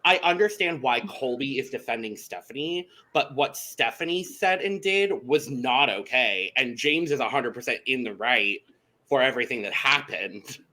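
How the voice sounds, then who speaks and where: A man in a casual podcast chat with a bright, forward voice at a middle pitch. He talks candidly and chats freely, quick to back up his co-hosts. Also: animated. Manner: candid, chatty, quick to agree. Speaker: podcast co-host.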